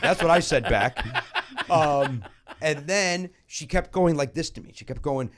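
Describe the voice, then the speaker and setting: A man hosting a casual comedy podcast, telling a story with lively acted-out dialogue. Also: a little high, unhurried, noisy background. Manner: animated storyteller, acts out both sides of a quarrel. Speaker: podcast host.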